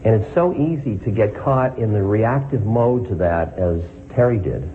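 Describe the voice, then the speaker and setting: A man's voice: on the low side, animated, moderate pace. A man reading a story aloud, then reflecting on it as a spiritual teacher and questioning his listeners. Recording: phone-like line with faint noise.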